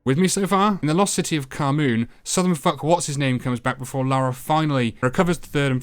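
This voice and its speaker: A man narrating a comedic retro game review, sardonic, crude and deadpan, swearing freely as he recaps the story. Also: on the high side, fast, few pauses.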